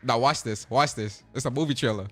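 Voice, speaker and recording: A man hosting a casual reaction video, talking in excitable slang and laughing a lot. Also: mid-range voice, fairly quick, loud music behind the voice. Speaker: host.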